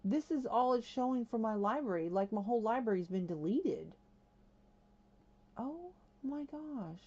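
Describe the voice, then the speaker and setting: A woman's voice: medium pitch, expressive, brisk, mellow. Panicky woman streamer, lo-fi sound. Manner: alarmed, exclaiming, talking to herself. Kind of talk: casual live-stream chat.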